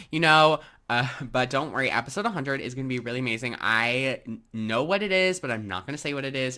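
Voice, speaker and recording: A young man hosting a solo podcast in a casual, gushing chat. His voice is bright and forward, and his pitch sits in an ordinary middle range. He rambles warmly through fillers and restarts. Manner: chatty, gushing, filler-heavy with many likes. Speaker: podcast host.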